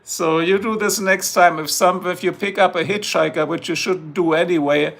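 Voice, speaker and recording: A man's voice: high voice, level tone, normal speed, creaky, slight background noise. A middle-aged man with a German accent, a native German speaker, rambling and joking with his chat viewers during a casual livestream.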